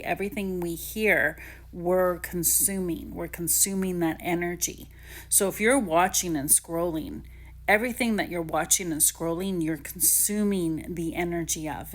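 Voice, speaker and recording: A woman's voice: on the low side, a bit bright. A woman talking casually and encouragingly to viewers, giving spiritual advice about intuition. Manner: chatty, encouraging, addresses viewers directly. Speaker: spiritual teacher.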